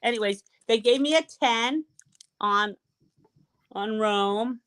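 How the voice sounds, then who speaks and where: A woman from Boston with a Boston accent, chatting excitedly and casually as a guest on a live call-in show, swearing now and then. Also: fairly high pitch, slow, clean tone. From Boston, USA. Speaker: caller guest.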